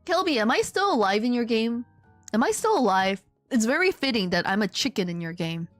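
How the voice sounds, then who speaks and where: A woman's voice: fairly high pitch, fairly quick, no room sound, soft background music. A woman streamer playing a game live, joking and chatting animatedly with her viewers. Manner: animated, joking, talks to chat.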